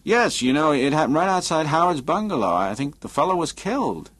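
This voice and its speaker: Man voicing an earnest moralizing gentleman, mildly protesting, audiobook character. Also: fairly high pitch, sing-song, brisk, no room sound, pitched above the performer's own voice.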